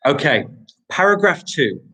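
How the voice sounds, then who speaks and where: A man's voice: fairly high pitch, very animated, unhurried, bright, forceful tone, slightly rough, low-quality recording. A young man teaching a live online primary lesson, reading pupils' sentences aloud and praising them.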